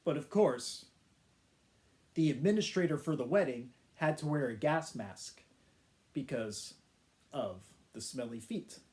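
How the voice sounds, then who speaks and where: Brief: man teacher reading a funny tale slowly, mellow and warm, with playful sound effects. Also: mid-range voice, animated. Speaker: English teacher. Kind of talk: children's storytelling for English learners.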